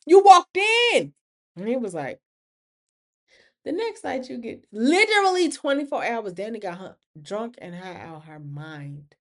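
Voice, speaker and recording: A woman's voice: medium pitch, unhurried. A woman, hosting a casual TV recap talk and acting out characters' lines. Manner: animated, acts out characters' lines. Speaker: podcast host.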